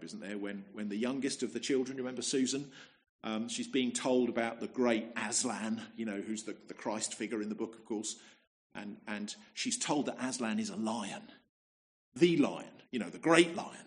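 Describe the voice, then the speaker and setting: Male preacher, sermon, conversational, rhetorical questions, mid-pitched voice. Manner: repeats words as he restarts.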